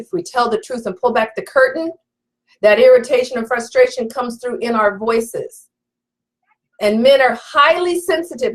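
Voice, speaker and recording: A woman's voice: on the high side, low-quality recording. A woman relationship coach teaching live, emphatic and preachy, repeating her key points and calling out to viewers. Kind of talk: live-stream teaching, reading viewer comments.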